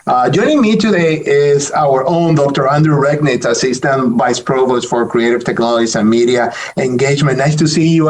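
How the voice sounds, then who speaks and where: A man with a Puerto Rican Spanish accent hosting a panel discussion, upbeat and friendly, with many fillers. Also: mid-range voice. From Puerto Rico. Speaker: podcast host.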